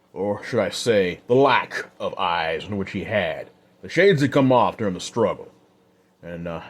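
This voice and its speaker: A man narrating a Western story in a relaxed, off-the-cuff way with small fillers. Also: fairly low pitch. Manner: casual, unscripted with fillers.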